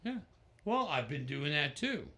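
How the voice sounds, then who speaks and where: A man's voice: a little high, unhurried, gravelly. A middle-aged man and guest musician who tells stories in a casual interview, acting out other people's voices. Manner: animated storyteller, acts out the voices of others.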